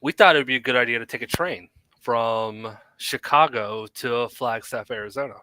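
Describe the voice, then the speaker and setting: A man's voice: medium pitch, normal speed, sharp tone, no room sound. A man hosting a live stream, chatting casually with friendly, teasing asides. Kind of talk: casual chat.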